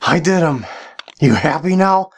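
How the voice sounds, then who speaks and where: A woman's voice: low voice, lively intonation, a little slow, husky, heavily acted. A woman voicing an exasperated nerdy gamer guy in a comedy skit, flustered and grudging.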